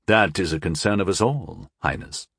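A man voicing a wary male court wizard in an audiobook, speaking in a measured, restrained and deferential way. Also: low voice, gravelly, fairly bright tone, husky, no room sound, studio quality, heavily acted. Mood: guarded. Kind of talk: audiobook character voice.

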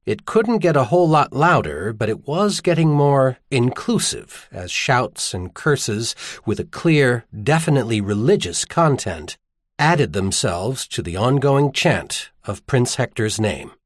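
A man narrates a novel as an audiobook, with a lively, wide-ranging voice that rises and falls with the story. His pitch sits in the middle range. The recording is close and completely dry. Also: measured pace, no room sound. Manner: expressive storytelling. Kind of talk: scripted narration.

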